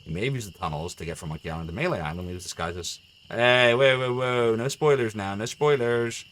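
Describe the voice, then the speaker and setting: A male streamer chatting casually while playing a game, excitable and laughing often. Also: on the low side, fast. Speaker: live streamer.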